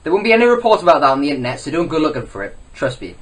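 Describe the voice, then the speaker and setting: A man's voice: a little high, big pitch swings, racing, husky, far from the mic. A young man ranting in a mock-serious comedy vlog, rambling and boastful with lots of self-interruptions. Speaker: comedy vlogger. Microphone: webcam.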